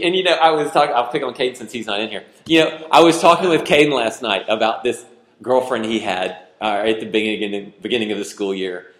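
A man, preaching a sermon in a conversational way and teasing the congregation with questions. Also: medium pitch. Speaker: pastor. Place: church hall with congregation. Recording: echoey church hall.

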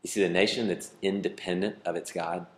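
Animated pastor preaching in a roomy hall. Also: male voice, deep voice, fairly quick. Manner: animated, playful asides to the congregation. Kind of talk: sermon.

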